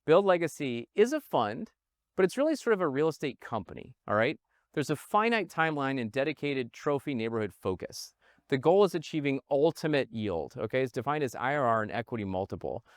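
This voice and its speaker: A man from the Midwest giving an energetic investment presentation, often checking in with listeners and calling them "guys". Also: medium pitch, a little fast, dry recording, clean studio sound. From Midwest United States. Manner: animated, punctuates with "okay?", addresses viewers as "guys". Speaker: real estate investor pitching a fund.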